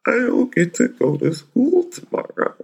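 A man's voice: sits high, huge pitch swings, measured pace, gravelly, a little mellow, breathy edge, voice pushed up, exaggerated voice. A man voicing a tearful four-year-old boy who pleads and whines to stay at school. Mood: whiny pleading.

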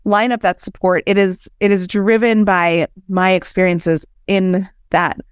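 A woman in her thirties, a doula and founder, telling her own birth story as a podcast guest in an animated, candid way and acting out what people said. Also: medium pitch, measured pace, smooth, dry recording, studio quality. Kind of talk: personal storytelling in conversation.

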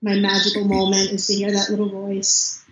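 A young woman, a podcast guest, chatting casually and telling animated stories about family travel. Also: medium pitch, moderate pace, roomy sound, muffled recording. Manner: chatty, animated storytelling with mimicked child voice. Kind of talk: casual interview chat.

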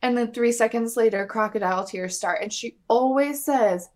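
A woman's voice: on the high side, normal speed, a little mellow. A young woman co-hosting a podcast, recapping a reality show in a chatty, opinionated way and swearing freely. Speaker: podcast co-host. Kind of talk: casual recap chat.

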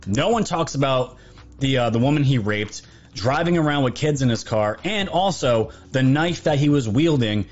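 A man's voice: mid-range voice, lively intonation, normal speed, lo-fi sound. A man hosting an opinionated news commentary show, talking emphatically and repeating himself. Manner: emphatic and repetitive.

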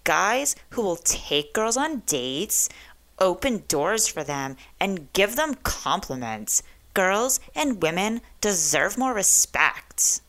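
A woman's voice: medium pitch, big pitch swings, slow, a bit bright, exaggerated voice. A woman voicing a gushing young Valley Girl with a sing-song, preachy delivery. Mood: mock-earnest.

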